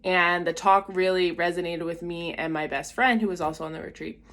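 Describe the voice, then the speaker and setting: A woman's voice: fairly low pitch, steady tone, fairly quick, fairly bright tone. A young woman telling a personal faith story in a casual, chatty way, with lots of fillers and acted-out quotes. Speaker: vlogger sharing a faith story.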